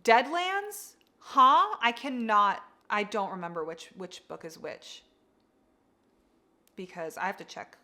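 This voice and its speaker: A young woman with a bright, crisp voice gushes over her favorite books in a casual vlog chat. She talks excitably and swears freely as she goes, her voice sitting at an ordinary middle pitch. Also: moderate pace. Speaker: book vlogger. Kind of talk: casual book review chat.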